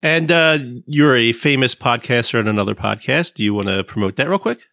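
Man, podcast host, casual teasing chat, bright tense tone, dry close mic. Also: mid-range voice, animated, a little fast, creaky, dry recording. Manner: joking, teasing.

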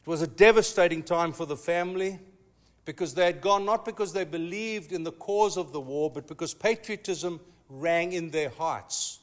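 A pastor preaching a sermon, telling a story with emphatic, slow dramatic pauses. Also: male voice, a little high.

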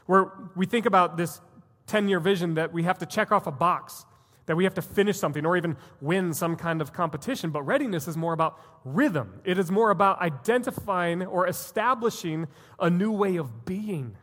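A man's voice: high-pitched, moderate pace, fairly bright tone, big-room sound. A man preaching a sermon as a pastor, telling a story earnestly and building to emphatic points. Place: church sanctuary.

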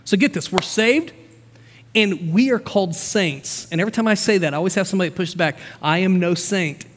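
High-voiced energetic pastor preaching. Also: male voice, fast. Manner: energetic, conversational preaching with asides and repetitions. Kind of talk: sermon. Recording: long hall reverb.

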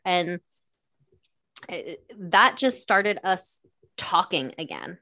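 A woman's voice: fairly high pitch, animated, slow pace, a bit bright. A woman co-hosting a casual conversation, talking candidly and reflectively about family memories, often quoting what she and others said. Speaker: podcast co-host, older sister.

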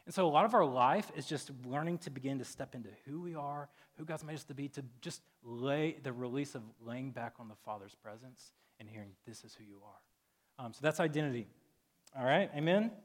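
A man in his thirties, a pastor giving a casual, chatty sermon full of "like" and "um", breaking into loud, lively retellings. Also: brisk. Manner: chatty, filler-heavy, jumps loud and high in animated retellings.

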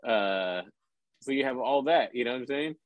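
Easygoing male co-host, mid pitch, dry close mic; rambling banter. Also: expressive, moderate pace, no room sound, muffled recording. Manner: easygoing, filler-heavy, hesitant restarts. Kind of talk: casual chat.

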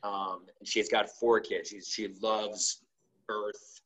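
A man's voice: lowish voice, level tone, slow, a bit bright, rough recording. A man, a guest on a talk show, animatedly telling a story and acting out the dialogue, with plenty of "like". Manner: acts out quoted dialogue with lots of "like".

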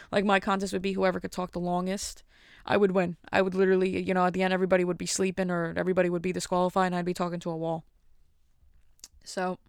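A chatty woman hosts her podcast alone and rambles in a self-mocking way. Her voice is smooth and clear. The sound is close and dry. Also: lowish voice, dry recording. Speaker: podcast host. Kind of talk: casual solo monologue.

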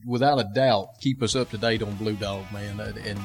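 Folksy talk show host. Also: male voice, on the low side, fairly even intonation, normal speed, soft background music. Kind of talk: show sign-off.

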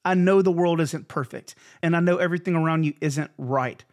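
A man's voice: a little high, fairly quick, a little mellow. A man hosting a devotional podcast, preaching in an earnest, encouraging way and repeating phrases for emphasis. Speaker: pastor and podcast host. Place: Houston area.

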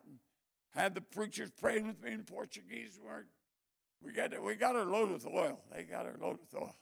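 An older male preacher tells sermon stories in a heavily gravelly voice pitched fairly high for a man. His delivery is animated, dropping to quiet asides and then rising into loud bursts. The tone is husky and rough. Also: moderate pace. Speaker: missionary preacher. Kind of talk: storytelling sermon.

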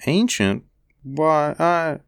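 A man's voice: a little high, lively intonation, very slow, vocal fry, clear, resonant tone, no echo, clean studio sound, full character voice. A man voicing a timid young repairman who murmurs hesitantly and uneasily. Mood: uneasy.

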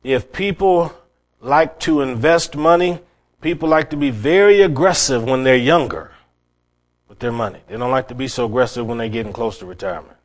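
A man's voice: mid-range voice, moderate pace. A middle-aged man preaching a sermon, telling stories and often restarting his words. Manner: storytelling with many restarts and repeated words.

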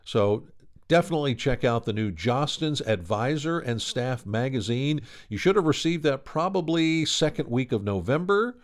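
A male podcast host speaks casually. His voice is of middling pitch, and he moves easily from an announcement to an open question for his guest. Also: animated, normal speed. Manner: casual, conversational. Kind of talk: podcast hosting and interviewing.

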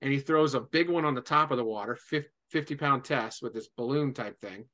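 A man in his forties from Indiana, a podcast guest telling a lively anecdote with lots of "and, uh" fillers. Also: medium pitch, fairly quick. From Indiana, USA. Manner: lively storyteller, many "and, uh" fillers. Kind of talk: animated anecdote.

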